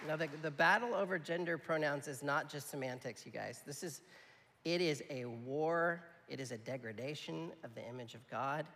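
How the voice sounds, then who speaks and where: Guy preaching a sermon, kinda high voice with lots of gravel, keeps asking the crowd "right?", long hall echo. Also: normal speed, pushed and bright, a little hiss or hum. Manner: conversational preaching, checks in with the audience. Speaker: pastor.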